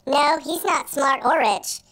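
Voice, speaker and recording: A man voicing a ditzy, airheaded female map character in a squeaky falsetto. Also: slow pace, sharp tone, exaggerated voice.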